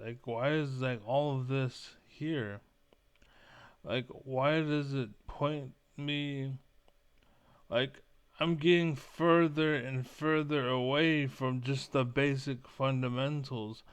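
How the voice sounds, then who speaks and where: A man's voice: medium pitch, fairly even intonation, slow pace, clear, resonant tone. A man delivering a rambling, profane vlog rant, full of "like" and restarts. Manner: rambling, profane, heavy use of "like". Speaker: vlogger. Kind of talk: casual ranting monologue.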